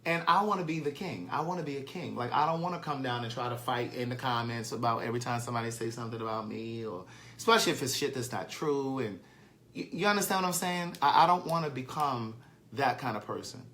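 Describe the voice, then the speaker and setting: A man's voice: mid-range voice, fast, a bit bright. A man telling a funny personal story in a casual, swearing monologue on a live stream, laughing at himself as he goes. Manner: chatty, swearing, laughing at his own story.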